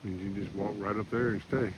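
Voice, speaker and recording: A man's voice: fairly low pitch, steady tone, fairly quick, noisy background. A man from the American South, narrating a casual hiking vlog outdoors as he walks, rambling and chuckling to himself. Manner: rambling, chuckling, talks to himself while walking. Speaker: thru-hiker vlogger. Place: outdoors on a mountain hiking trail.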